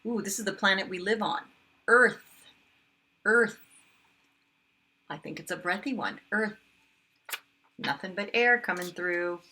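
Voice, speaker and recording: A kindergarten teacher, a woman, sounding out words slowly and with exaggeration for young children in a phonics lesson. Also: fairly low pitch, sharp tone.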